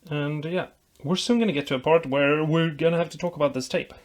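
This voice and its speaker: A man's voice: on the high side, fairly even intonation, quick pace. A man vlogging as he builds a guitar, explaining while he works, rambling and making self-deprecating jokes. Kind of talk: casual workshop tutorial chat.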